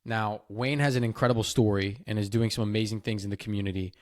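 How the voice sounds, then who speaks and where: A man hosting a podcast, telling a story in an animated, enthusiastic way. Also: lowish voice, quick pace, no echo, studio quality. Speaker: podcast host. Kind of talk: casual podcast chat.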